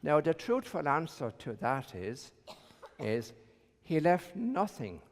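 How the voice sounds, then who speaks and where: A priest preaches slowly, mixing dry humor into his homily and pausing often over his words. A long church reverb hangs on every phrase. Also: a little high, sing-song. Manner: wry, joke-telling, hesitant with fillers. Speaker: visiting priest. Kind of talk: sermon.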